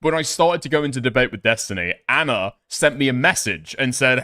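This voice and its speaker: A man's voice: fairly high pitch, lively intonation, moderate pace, sharp tone, no room sound, clean studio sound. A man hosting reaction commentary in a mocking, profane manner, laughing often. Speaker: host.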